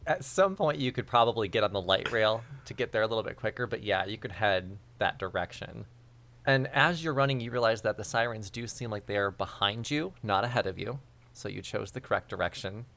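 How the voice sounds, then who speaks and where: A man running a tabletop game as game master, calmly narrating and asking the players what they do. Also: on the low side, fairly quick, creaky. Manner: calm, guiding, asks players what they do.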